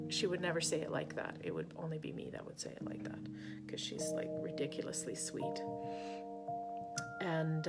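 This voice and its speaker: A woman with a low, gravelly voice chats casually on a live stream, often slipping into soft half-whispers. Loud guitar music plays behind her.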